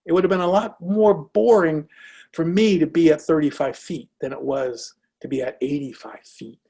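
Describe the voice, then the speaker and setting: A man's voice: a little high, moderate pace, slightly rough. A man telling a personal story in a motivational talk, acting out the dialogue as he goes. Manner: lively, acts out dialogue in anecdotes. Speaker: speaker.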